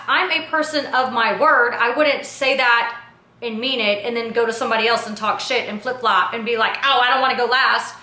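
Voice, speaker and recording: A woman with a bright, fairly high voice recounts behind-the-scenes drama to camera, animated and indignant, peppering her talk with "yo" and "like". The sound is echoey, as if recorded in a bare room. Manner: animated and indignant, slangy with frequent "yo" and "like". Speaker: reality TV personality and producer. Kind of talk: casual storytime recap to camera.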